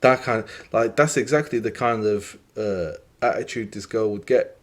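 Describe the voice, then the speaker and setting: Rambling low-voiced podcast host. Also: male voice, moderate pace. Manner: opinionated, rambling, lots of fillers. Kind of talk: casual chat.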